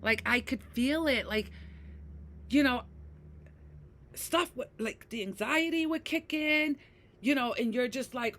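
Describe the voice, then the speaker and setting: Emphatic woman in her fifties, bright. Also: slow pace, pauses often, slight background noise. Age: 50s. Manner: emphatic, repeats "right?" often; swings from low and quiet to loud and heated. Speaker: mental health vlogger. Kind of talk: personal talk to camera.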